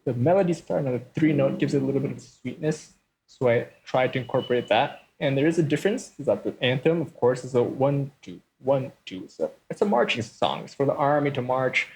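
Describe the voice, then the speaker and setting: A man's voice: mid-range voice, brisk, a little mellow, poor audio. A man hosting a let's-play, giving casual commentary and explaining his design choices step by step.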